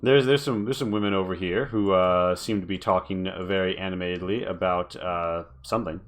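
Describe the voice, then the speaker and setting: A man's voice: low voice, steady tone, brisk. A man narrating a tabletop game as game master, in a laid-back, chatty way.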